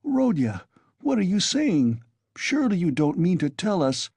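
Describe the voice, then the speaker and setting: Man reading as a worried tearful mom, raised soft husky voice. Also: fairly high pitch, expressive, normal speed, no echo, pitched above the performer's own voice. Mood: anxious. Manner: pleading, alarmed. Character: anxious middle-aged mother, timid and tearful.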